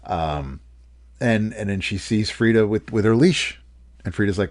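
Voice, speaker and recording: Low-voiced man recapping a comic, halting. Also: lively intonation, darkish tone. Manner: halting, many restarts and fillers. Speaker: comics podcast co-host. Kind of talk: casual chat, recapping a comic.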